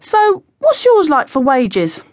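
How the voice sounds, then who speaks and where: A woman's voice: high-pitched, wildly swooping pitch, takes it slowly, no echo, clean studio sound, pitched above the performer's own voice, heavily acted. Woman doing a cocky streetwise teenage boy. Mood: sly. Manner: breezy, slangy, conspiratorial. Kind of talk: audiobook character voice.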